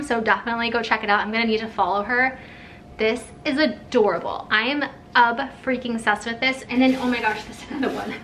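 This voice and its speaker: A young woman vlogging casually as she opens fan mail, gushing and excitable. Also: fairly high pitch, a little hiss or hum. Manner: gushing, excitable, says "oh my god" often. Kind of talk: casual vlog chat, reading letters aloud. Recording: roomy, mic a little far off.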